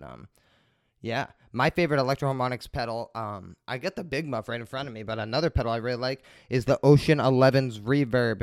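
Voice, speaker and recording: A man's voice: mid-range voice, smooth, dry recording, clean studio sound. A man hosting his own podcast, telling a rambling story in a casual, heavily profane monologue. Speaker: podcast host.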